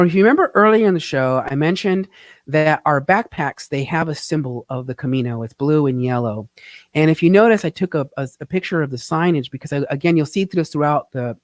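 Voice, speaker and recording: A man hosting a live show, narrating over his travel photos in an earnest, reflective way, pausing often with fillers and getting emotional. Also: on the high side, no room sound, clean studio sound. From Phoenix, Arizona. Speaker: host, tax teacher.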